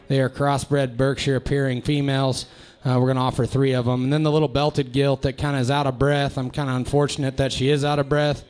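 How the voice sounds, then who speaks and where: A man presenting his pigs at a ringside livestock sale in a tent, casual and halting with many fillers and restarts. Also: medium pitch, clear, resonant tone.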